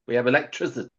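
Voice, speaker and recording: A man's voice: medium pitch, fairly bright tone, lo-fi sound. A man being interviewed as an author guest, telling witty anecdotes in a campy way and chuckling often. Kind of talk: casual interview chat.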